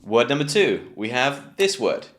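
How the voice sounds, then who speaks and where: His mid-range, fairly bright voice swings widely in pitch at a measured pace as he, a British-accented man, teaches English pronunciation online from a script. He pronounces words carefully and invites learners to echo them.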